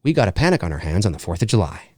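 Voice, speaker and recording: A man's voice: deep voice, sing-song, rapid-fire, warm tone, dry recording, studio quality, voice pushed down. A man doing a blustering small-town mayor. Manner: imitates the character's cadence, not his voice. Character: blustering middle-aged male small-town mayor from a film.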